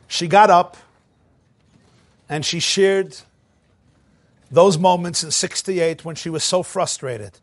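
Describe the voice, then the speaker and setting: A man giving a storytelling lecture, recounting events with animated emphasis and acting out quoted dialogue. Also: a little high, dry recording.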